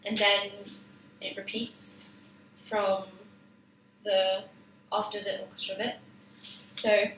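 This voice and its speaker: A woman's voice: mid-range voice, level tone, slow pace, long pauses, a bit bright. Hesitant woman, roomy distant recording. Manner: hesitant, many fillers and restarts. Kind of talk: informal spoken explanation to camera. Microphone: self-filmed camera or phone. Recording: roomy, distant, faint background noise.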